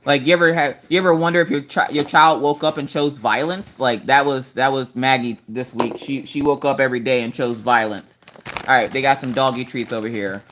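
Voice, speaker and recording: A woman in her thirties hosting a craft livestream, telling animated family stories in casual chat. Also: a little fast, a little hiss or hum. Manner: animated storytelling, jumps to high squeals in quoted voices.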